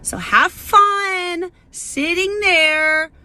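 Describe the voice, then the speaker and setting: Woman, high voice, angry scolding driver, swearing, inside a car. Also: drawn-out words, sharp tone.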